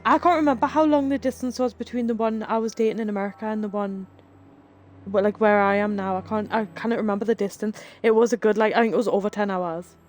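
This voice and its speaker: A woman's voice: medium pitch, steady tone, quick pace, darkish tone. A woman in her twenties with a Geordie accent, chatting casually as a livestreamer and reading viewer messages aloud with lots of "like" and giggles. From North East England. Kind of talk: casual chat while reading live chat.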